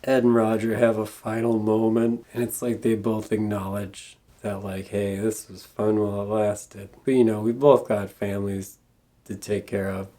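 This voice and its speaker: A man's voice: fairly low pitch, warm tone. Dry, sarcastic male movie reviewer. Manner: dry, sarcastic plot retelling. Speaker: film reviewer. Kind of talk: comedic movie recap narration.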